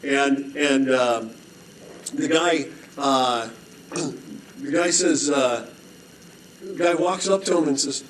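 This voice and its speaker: A middle-aged man telling a story as a guest, animated, with frequent restarts and throat-clearing. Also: mid-range voice, takes it slowly, pauses often. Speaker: rescue mission director, guest. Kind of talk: storytelling, conversational preaching. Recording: echoey room.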